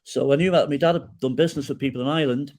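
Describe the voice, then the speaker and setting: A man's voice: mid-range voice, steady tone, rapid-fire, a little mellow. A middle-aged man telling his own story as a podcast guest, acting out quoted dialogue and often checking in with the host. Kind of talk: storytelling in an interview.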